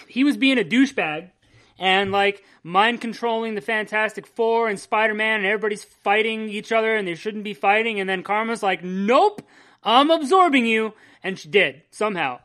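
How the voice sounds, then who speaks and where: A woman co-hosting a casual comic book podcast, sarcastic and quick to laugh. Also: mid-range voice, a bit bright. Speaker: podcast co-host.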